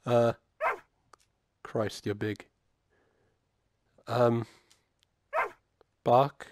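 A man's voice: medium pitch, extremely slow, no echo. A man voicing a crude, cheeky pet dog. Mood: bemused. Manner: rude, deadpan inner monologue.

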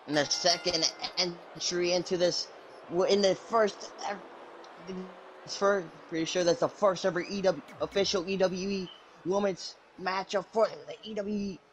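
A man hosting and calling play-by-play for a match, jokey and excitable, breaking into high yelps when surprised. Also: a little slow, slight background noise, low-quality recording. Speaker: host and commentator.

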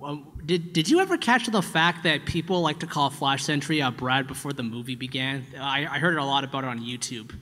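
A man's voice: mid-range voice, brisk, few pauses, pushed and bright. A man in the audience asking a voice actor a long, hesitant question, full of restarts. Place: large convention hall. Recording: echoey convention hall.

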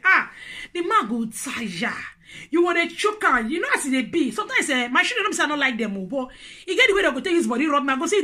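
A woman speaking Nigerian Pidgin, giving casual relationship advice in an animated, preachy and playful way. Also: sits high, fast. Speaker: vlogger.

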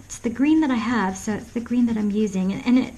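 On a rough recording, an art vlogger with a fairly high, warm voice talks briskly as she demonstrates a painting. Her chat is rambling and hesitant, full of ums, and she often lowers to a whisper and laughs at her own jokes.

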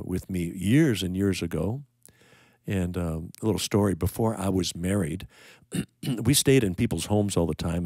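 An older American man hosts a worship livestream, greeting viewers in a rambling, folksy way full of uh and um pauses. His voice is deep and a little mellow, captured in a dry, clean studio recording.

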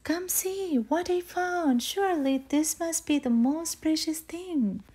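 A woman voicing an eager little female bear cub in a bedtime storybook, high and squealing with wonder. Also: slow, mellow. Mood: excited.

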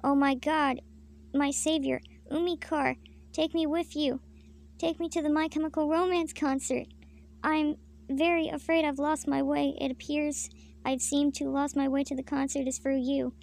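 A woman doing a whiny fat caterpillar gentleman. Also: a little high, little pitch movement, moderate pace, close to an everyday voice. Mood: pleading. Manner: melodramatic, mock-pained.

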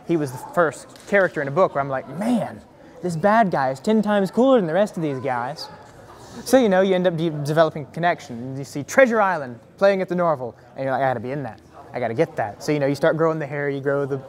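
Eager teenage boy actor, higher voice. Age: teens. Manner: eager, articulate, quick talker with fillers. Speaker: youth theater actor. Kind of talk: interview answers.

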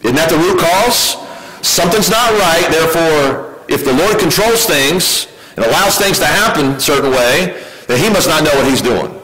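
A man's voice: on the high side, moderate pace, a bit bright, rough recording. A male pastor preaching a sermon in a conversational way, often asking his congregation questions. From United States.

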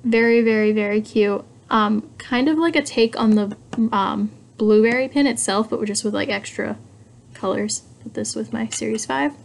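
A young woman talks her way through an unboxing, musing aloud in a casual, chatty way. She is quick to get excited and gushes over what she finds. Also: a little high, creaky, a little hiss or hum. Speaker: hobby vlogger.

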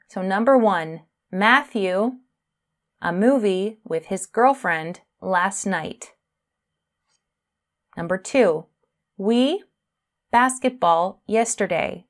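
A woman teaching a beginner English grammar lesson, speaking slowly and carefully, spelling out letters and stressing words for clarity. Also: medium pitch.

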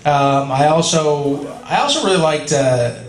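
A man's voice: on the high side, measured pace. A man in his forties from California, telling stories at a convention panel in a chatty, self-deprecating way and laughing often. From California, USA. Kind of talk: casual Q&A storytelling. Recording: echoey convention hall with crowd.

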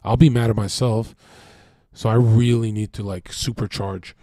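A young man from Canada, a streamer, talking in a rambling, profane casual monologue that swings between loud bursts and low mutters. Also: fairly even intonation, moderate pace, no room sound, studio quality.

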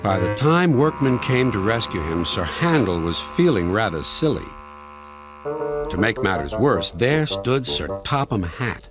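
Guy reading a kids storybook, super expressive, music loud behind. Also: lowish voice, measured pace. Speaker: narrator. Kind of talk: storybook narration. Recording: music playing loudly behind.

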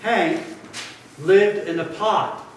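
A pastor speaking gently and playfully to a child at the front of a church, then reading a story aloud. His voice is fairly high and very unhurried. The sound is heavily echoey and comes from a mic some way off, with faint room noise. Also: steady tone, far from the mic. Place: church sanctuary. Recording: echoey sanctuary, mic from afar.

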